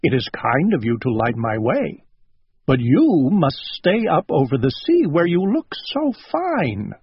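A gentle, simple-minded little owl, as a man puts him on, talking in a raised voice that leaps up and down as he speaks. His lines come slowly from a dull, lo-fi storybook recording. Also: fairly high pitch, wildly swooping pitch, breathy edge, no room sound, heavily acted. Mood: tender. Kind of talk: storybook read-aloud.

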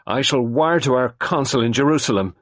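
A man voicing a nervous, irritable young man who speaks hesitantly with halting pauses and turns curt. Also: fairly low pitch, lively intonation, no room sound, studio quality. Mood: irritated.

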